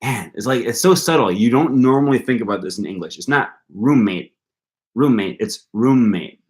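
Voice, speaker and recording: A man's voice: mid-range voice, expressive, normal speed. A young man on a casual live-stream study session, thinking aloud and repeating pronunciations as he works through his notes. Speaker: language-learning streamer.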